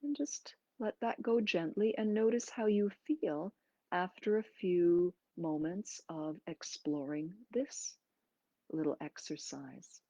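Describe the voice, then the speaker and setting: A woman yoga teacher guiding a breathing class in slow, gentle, soothing instructions with pauses. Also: on the low side, no room sound. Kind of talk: guided breathing and movement class.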